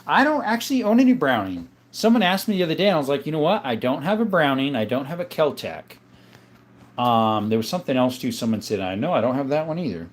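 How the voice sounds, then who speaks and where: A man hosting a live stream in a casual chat style, reading out viewer comments and answering them in a relaxed, easygoing way. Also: a little high, fast talker. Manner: relaxed, with frequent uh and um.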